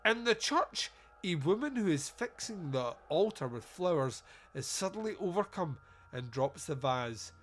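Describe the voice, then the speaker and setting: A man with a slightly raised voice, hosting a casual film-review chat. He swears freely and jokes as he goes. He acts out the film's lines in quick put-on voices. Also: sits high, sing-song, slight background noise. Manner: sweary, jokey, quotes scenes in put-on voices. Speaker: podcast host.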